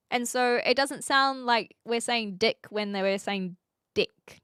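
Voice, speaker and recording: A woman's voice: sits high, lively intonation, moderate pace, pushed and bright, no room sound, clean studio sound. A woman from New Zealand with a Kiwi accent, chatting casually with viewers on a live stream, upfront and laughing often.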